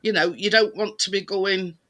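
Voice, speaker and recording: A high-pitched man rambles through secondhand stories in a casual chat. His voice is very bright and sharp, and he stumbles over words with plenty of fillers. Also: steady tone. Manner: rambling, halting, many fillers. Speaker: participant in a group chat.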